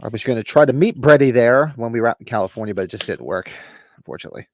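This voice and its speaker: A man's voice: mid-range voice, animated, racing. A man hosting a casual live movie watch-along, rambling and restarting his sentences. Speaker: host. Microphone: webcam stream setup.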